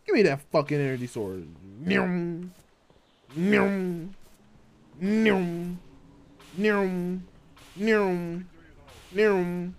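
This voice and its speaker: A young man in his twenties streaming a shooter game, trash-talking his opponents with excitable outbursts and chanting the same catchphrase over and over. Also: sits high, extremely slow, vocal fry, pauses often. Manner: excitable trash talk with loud repeated chants. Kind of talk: live gameplay commentary.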